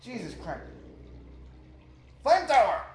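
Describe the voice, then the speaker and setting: A man voicing a panicky, dim-witted spaceship captain who yells in a high, frantic voice. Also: big pitch swings, slow pace, full character voice. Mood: panicked.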